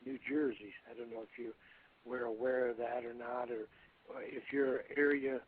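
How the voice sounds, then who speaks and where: An older man, a retired wrestler, guesting on a radio interview and talking in a rambling, halting way. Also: mid-range voice, flat delivery, slightly rough. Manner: rambling, halting, calls hosts "brother". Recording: tinny phone line.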